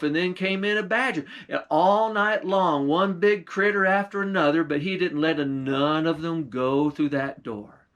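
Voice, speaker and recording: A man's voice: fairly high pitch, a bit bright. Drawling storyteller man. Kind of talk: folktale storytelling.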